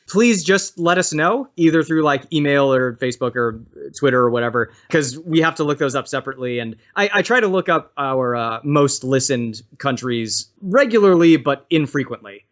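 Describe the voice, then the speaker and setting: A man's voice: a little high, fairly bright tone. A man co-hosting a comedy podcast, reading out listener reviews with dry, wry asides in casual chat. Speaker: podcast co-host.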